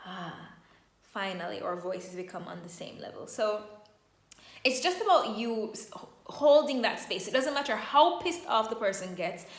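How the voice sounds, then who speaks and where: A woman speaks as a self-empowerment coach in a vlog, leaning slowly and emphatically into each affirmation. Her voice sits in a middle range. The room around her rings with noticeable echo. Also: medium pitch, animated. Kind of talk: motivational vlog talk.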